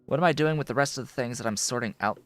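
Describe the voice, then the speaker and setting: A man streaming a game, explaining its mechanics out loud in casual commentary, thinking through them with fillers as he goes. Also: very fast, no echo. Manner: coos to his cat in a soft high voice between explanations.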